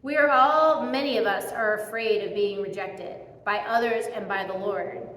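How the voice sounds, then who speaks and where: A woman giving a casual, conversational sermon in a church, telling the story in a chatty and animated way. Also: mid-range voice, normal speed. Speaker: speaker giving a church message. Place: church hall. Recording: echoey hall with long reverb.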